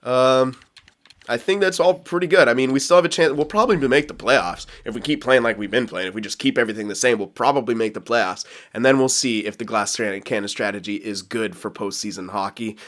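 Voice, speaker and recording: A man's voice: mid-range voice, a bit bright. Rambling man commenting on a hockey game. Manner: rambling, self-aware, quick to laugh; talks to viewers while managing a hockey franchise. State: hiccups. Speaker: gaming YouTuber. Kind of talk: casual gameplay commentary.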